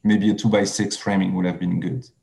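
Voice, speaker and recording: A man with a French accent gives a webinar talk over a video call. His voice is low and gravelly with a mellow, dark tone, and he speaks haltingly with many fillers and restarts. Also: level tone. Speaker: presenter. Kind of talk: webinar presentation.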